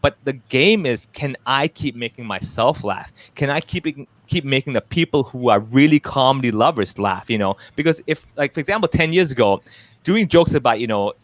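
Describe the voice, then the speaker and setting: A man's voice: mid-range voice, moderate pace, no room sound. A man from Hong Kong, a stand-up comedian, chatting casually in an interview and acting out voices in his stories. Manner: animated storyteller, acts out quoted voices.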